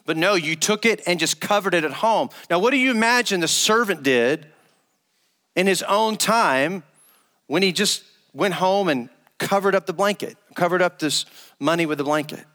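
A man, an associate pastor, preaching a sermon and retelling a parable in a relaxed, conversational way. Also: high-pitched, normal speed. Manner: conversational storytelling, retells a parable in casual everyday phrasing. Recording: long reverb of a large hall.

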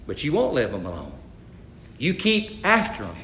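A man preaching a folksy sermon, stammering into restarts and loudly acting out the people in the story. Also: a little high, wildly swooping pitch, moderate pace, echoey room, a little hiss or hum. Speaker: pastor.

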